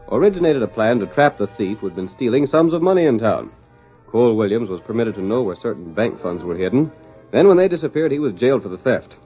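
A man narrates a 1930s radio drama in a grand, declamatory way. His pitch swings widely. The sound is dull and muffled, with faint music behind him.

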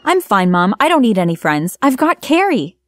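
A woman's voice: mid-range voice, sing-song, moderate pace, no echo, studio quality. A young woman narrating her own story in the first person, acting out her own lines with feeling. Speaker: narrator and lead character. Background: background music.

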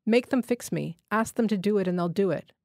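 A woman's voice: medium pitch, fairly quick, a little mellow, no echo, studio quality, close to an everyday voice. A woman reading the part of a dying male robber who begs weakly for forgiveness. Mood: pleading. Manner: begging, breathless and weak. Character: dying male thief, poor and pleading.

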